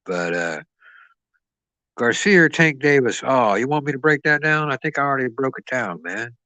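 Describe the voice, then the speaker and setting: A man's voice: medium pitch, expressive, moderate pace, pushed and bright, dry recording, rough recording. A man rambling and boasting as he stands in as host of a boxing live stream, swearing freely and talking to his chat.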